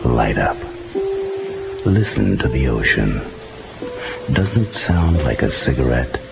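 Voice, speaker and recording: A man doing a slow, soothing mock-hypnosis recording, breaking into whispers. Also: a bass voice, big pitch swings, creaky, music in the background. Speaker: comedy sketch voice.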